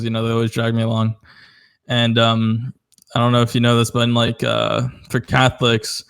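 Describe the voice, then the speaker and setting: A man's voice: mid-range voice, clear, resonant tone. A young man co-hosting a podcast in casual chat, swearing a lot and calling the other man dude. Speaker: podcast co-host.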